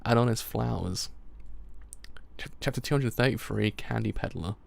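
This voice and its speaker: A man's voice: lowish voice, moderate pace, creaky. A man with a British accent reading manga dialogue aloud as a live reaction, stumbling over words and breaking into swearing and laughter.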